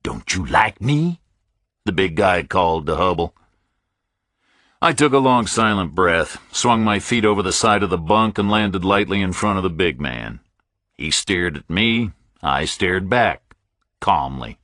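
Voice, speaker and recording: A man reading a first-person thriller audiobook in a measured, tense storytelling manner. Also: sits low, expressive, fairly bright tone, no echo, clean studio sound. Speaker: audiobook narrator.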